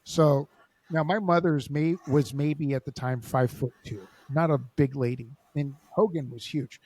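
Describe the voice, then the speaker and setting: A man hosts a podcast and tells stories with animated energy, laughing often. His voice sits a bit high. The sound is dry and close, with no room around him. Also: measured pace, slightly rough, dry recording. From Los Angeles, USA. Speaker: podcast host. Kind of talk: casual interview storytelling.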